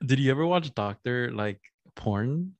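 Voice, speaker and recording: Male podcast co-host, lively pitch, dry close sound, giggly storyteller. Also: a little slow, no room sound. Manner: animated, giggly storytelling with playful voices. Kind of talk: casual explicit chat.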